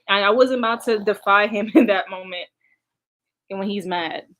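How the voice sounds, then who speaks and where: A woman's voice: mid-range voice, brisk, fairly bright tone. Woman vlogger sighing through a recap. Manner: emotional, sighing, talks straight to viewers. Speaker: vlogger recounting past events. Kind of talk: casual reaction commentary.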